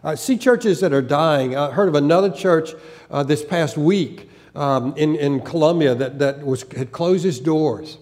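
A man preaching a sermon in a voice pitched a little above most men's. He was raised in the American South, and a faded Southern accent still colours his speech. He talks earnestly and haltingly, with frequent restarts and repeated words. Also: a little mellow. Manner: earnest, with occasional laughter. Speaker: pastor.

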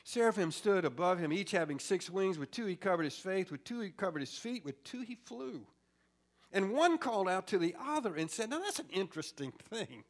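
A man preaching a sermon, swinging from loud exclamations to hushed whispers. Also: sits high, sing-song, a little fast.

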